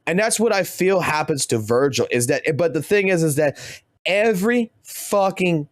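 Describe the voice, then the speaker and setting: A man's voice: a little high, animated, normal speed, no room sound, studio quality. A man who streams games, ranting heatedly and swearing constantly. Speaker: game streamer. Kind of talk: profane gaming rant.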